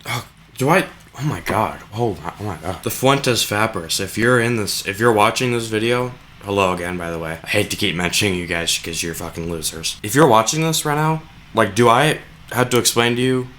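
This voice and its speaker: A man's voice: fairly low pitch, animated, a little fast, a bit bright. A man giving sarcastic, rambling reaction commentary on video clips and swearing freely.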